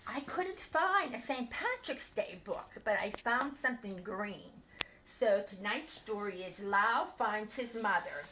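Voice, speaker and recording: An older woman who hosts a children's bedtime story show, chatting in an animated, sing-song way with puppets. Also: medium pitch, measured pace, a little hiss or hum. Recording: echoey room.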